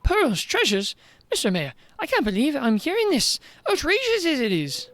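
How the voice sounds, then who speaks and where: A man voicing an earnest young village girl in a video game, speaking in a shrill, indignant tone. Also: huge pitch swings, normal speed, a bit bright, no room sound, heavily acted.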